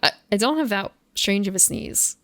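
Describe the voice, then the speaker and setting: A woman streams games live from home, chatting and musing with viewers between gameplay and laughing often. Her medium-pitched voice is expressive and moves at normal speed, and the recording is dry.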